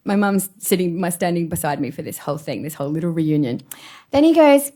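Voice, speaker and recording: An Australian woman in her forties delivers a keynote from a stage, her voice fairly low and fairly quick. She's an animated storyteller who shares self-deprecating personal anecdotes and laughs often.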